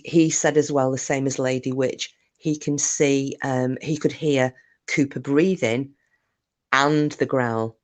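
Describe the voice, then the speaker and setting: A woman hosting a live stream, rambling in casual chat with plenty of fillers and breaking off to greet viewers by name. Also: very deep voice. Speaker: livestream host.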